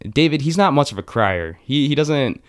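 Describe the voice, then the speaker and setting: A man's voice: medium pitch, moderate pace. A man in his late teens, chatting casually and retelling a story with lots of fillers and restarts. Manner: rambling, animated retelling with many fillers. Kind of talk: casual chat.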